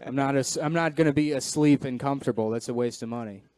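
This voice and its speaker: A man's voice: mid-range voice, fast, darkish tone, no echo. Sardonic male comedian, dry sound. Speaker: stand-up comedian. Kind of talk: comedic on-stage banter.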